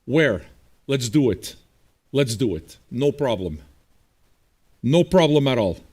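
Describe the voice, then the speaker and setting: A man's voice: medium pitch, animated, slow, a little mellow, slightly rough. A man hosting a livestreamed music show, answering viewer chat in a blunt, profane, combative way. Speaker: streaming radio DJ host.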